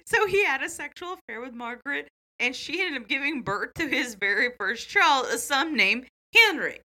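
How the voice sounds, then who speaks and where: A woman's voice: high voice, expressive, sharp tone. A woman co-hosting a casual true crime podcast, giggly and playful as she reads out the story, on a close podcast mic. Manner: giggly, quick to laugh, playful asides. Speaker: podcast co-host.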